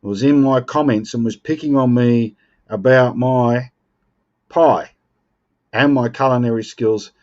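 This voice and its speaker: Joking Australian bloke on a livestream. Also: male voice, mid-range voice, a little slow, pauses often, a little mellow, lo-fi sound. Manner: joking, teasing, playfully defensive. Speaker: livestream host. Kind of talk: casual live chat with viewers.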